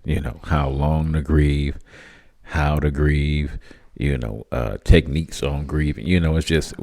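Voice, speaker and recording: A man hosting a podcast in casual chat, reflective and measured, with frequent fillers. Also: rumbling low, steady tone, creaky, a little mellow. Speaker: podcast host.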